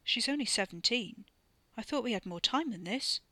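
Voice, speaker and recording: An anxious young man speaks in a tense, uneasy way, shaken by what he is facing, voiced by a woman reading aloud. The sound is bright and dry, right up against the mic. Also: a little high, lively intonation, normal speed, dry recording, pitched above the performer's own voice.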